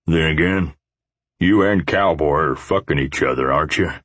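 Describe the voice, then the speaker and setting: A man's voice: rumbling low, normal speed, fairly bright tone, no echo. A man voicing a crude, taunting biker.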